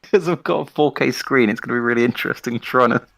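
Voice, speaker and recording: A man's voice: mid-range voice, fast talker, gravelly, a bit bright. A man playing along on a stream, hesitant and laughing easily as he chats. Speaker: co-player. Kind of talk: casual gaming chat.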